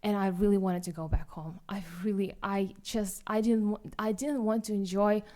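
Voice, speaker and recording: A young woman with a Ukrainian accent tells her own story at a forum, halting and self-deprecating, with many restarts. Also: medium pitch, steady tone, mellow. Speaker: guest speaker, student.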